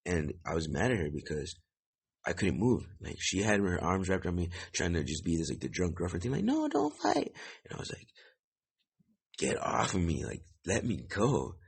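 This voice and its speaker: A young man hosting a podcast, telling a story in a rambling, profane way with lots of fillers and a gravelly, husky voice. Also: low-pitched, animated, normal speed. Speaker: podcast host. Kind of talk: casual storytelling monologue.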